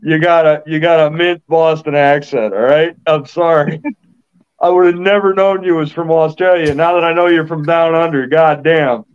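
A man's voice: a little high, steady tone, moderate pace, smooth. Rambling man on a dull lo-fi mic. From Connecticut, USA. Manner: rambling, repeats himself, apologetic. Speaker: podcast co-host. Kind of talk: casual chat.

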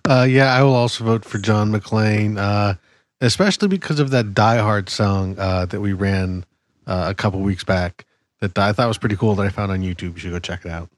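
A man's voice: lowish voice, normal speed, dry recording. A man on a comedy podcast panel, speaking hesitantly with many fillers. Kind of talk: casual comedic banter.

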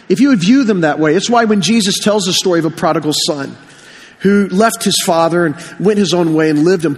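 Husky high-voiced pastor preaching in a hall. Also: male voice. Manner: earnest preaching with stories and repeated phrases. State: recovering from illness this week. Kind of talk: sermon. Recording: long hall reverb.

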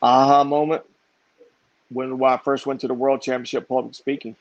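A man being interviewed as a guest business owner, telling stories in a lively way and repeating words for emphasis. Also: medium pitch, moderate pace, dry recording. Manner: animated, repeats himself for emphasis. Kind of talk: conversational storytelling. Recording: dry, slightly dull lo-fi sound.

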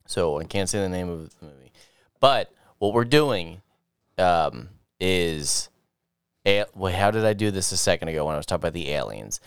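A man's voice: sits low, lively intonation, normal speed, smooth, no echo, studio quality. A man co-hosting a casual podcast, telling rambling stories with plenty of swearing and laughter. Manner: rambling, giggly storyteller, swears freely. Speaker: podcast co-host. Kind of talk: casual chat.

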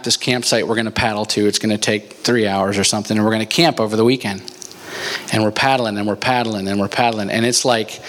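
A pastor with a fairly low voice preaches a sermon, telling a story with lively energy and laughing at his own jokes before he reads scripture.

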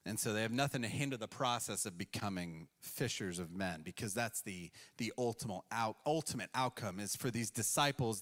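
A man's voice: mid-range voice, fairly bright tone. A male pastor preaching a sermon in a conversational storytelling way, acting out quoted voices along the way. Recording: long hall reverb.

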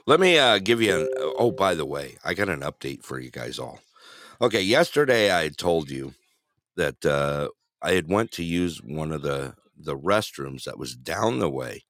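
A man's voice: deep voice, dry recording. A man co-hosting a talk show, telling stories with lots of laughter. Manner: laughing storyteller, animated. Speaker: radio show co-host. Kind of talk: casual chat show banter.

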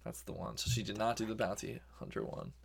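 A young man co-hosting a podcast in casual chat, excitable, often saying dude and like. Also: lowish voice, fast talker, vocal fry, slightly rough. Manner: excitable, says "dude" and "like" a lot. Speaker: podcast co-host.

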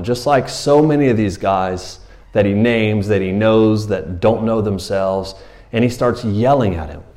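A man's voice: fairly low pitch, darkish tone. A man preaching a sermon in church, casual and joking, acting out Bible characters in a raised voice. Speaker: pastor.

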